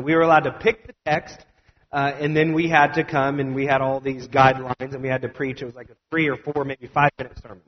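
A young adult man preaching a storytelling sermon as a pastor, conversational and animated, with plenty of fillers. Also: a little high. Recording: dull sound with long hall reverb.

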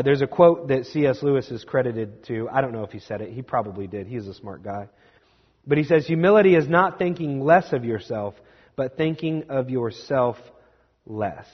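A young man preaching a sermon as a pastor, conversational and self-deprecating, with quick asides. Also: mid-range voice, husky, big-room sound, muffled recording.

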